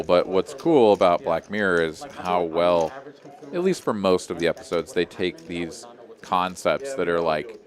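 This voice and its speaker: A man with a low, deep voice commentates a live poker cash game in a relaxed, chatty way, cracking jokes between hands. Steady crowd chatter from the card room runs behind him.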